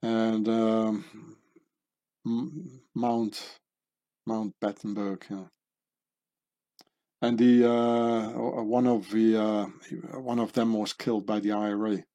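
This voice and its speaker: A man's voice: on the low side, little pitch movement, slow, pauses often, warm tone. A man talking in a meandering monologue over pictures, with many fillers and restarts. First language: German. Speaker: commentator. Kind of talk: rambling monologue over images.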